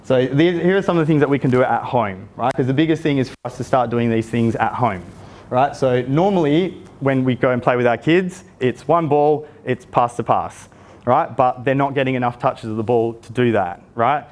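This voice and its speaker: A man's voice: medium pitch, moderate pace, darkish tone. A man in his thirties, a youth football coach, giving a conversational workshop talk to parents and often checking in with his listeners.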